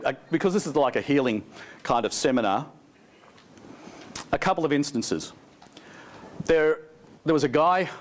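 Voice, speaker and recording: A man presenting a live seminar, a chatty, jokey storyteller who laughs often and asks the audience questions. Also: mid-range voice. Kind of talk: live seminar talk with anecdotes. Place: seminar hall before an audience.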